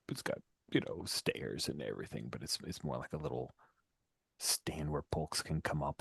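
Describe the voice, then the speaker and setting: A man's voice: a bass voice, no echo. A man running a tabletop game as game master, narrating a scene loosely, with some whispered asides.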